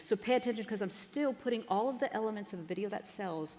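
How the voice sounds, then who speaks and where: A woman's voice: mid-range voice, fast talker, darkish tone. A woman giving an upbeat, chatty marketing talk from a conference stage, addressing the audience. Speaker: conference speaker. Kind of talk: live marketing presentation. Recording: reverberant hall.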